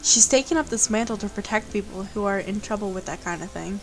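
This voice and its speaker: A woman's voice: medium pitch, fast talker, faint music behind, poor audio. A woman hosting a let's play, reading a visual novel aloud and breaking off for playful, chatty asides.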